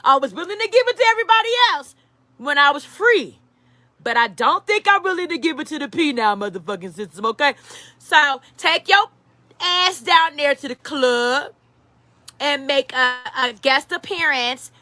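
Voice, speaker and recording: Woman vlogger, high bright voice, cussing and cackling, dry close sound. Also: expressive, moderate pace, no echo. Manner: loud, profane, laughs often. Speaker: commentary vlogger. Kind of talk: casual profane commentary.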